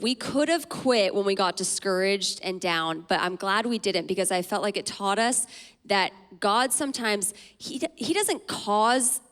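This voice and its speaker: A young woman telling a lively personal story on a church stage, chatty and full of acted quotes. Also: medium pitch, big-room sound. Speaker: guest speaker. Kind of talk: storytelling in a sermon. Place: church stage before an audience.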